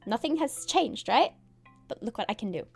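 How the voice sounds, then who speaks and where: A woman's voice: on the high side, animated, moderate pace, gravelly, breathy edge, soft background music. A young woman streaming as a VTuber, showing off her avatar in a bubbly, giggly, exclamatory way with playful chatter. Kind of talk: excitable stream chat showing off a model.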